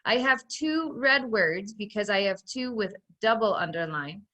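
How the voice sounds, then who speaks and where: A woman teaching a recorded phonics lesson to young children, patiently guiding them step by step and slowly sounding out each sentence. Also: mid-range voice, lively intonation, fairly bright tone, highs cut off. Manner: slow, clearly sounding out dictated sentences.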